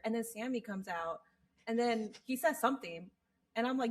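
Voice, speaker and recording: A woman co-hosting a podcast in casual chat, animated, swearing freely and laughing often. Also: a little high, moderate pace. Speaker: podcast co-host.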